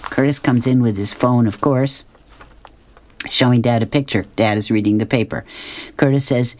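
Very low-voiced woman reading comics. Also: steady tone, normal speed, long pauses, darkish tone. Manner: amused, chuckling between strips. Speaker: comic-strip reader.

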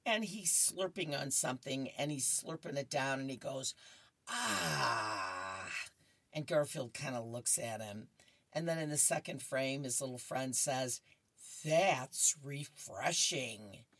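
This radio-style reader is a woman with an extremely low pitch, speaking at normal speed in a recording with no room sound. Chatty and amused, she works through horoscopes and newspaper comics, adding asides and laughing between strips.

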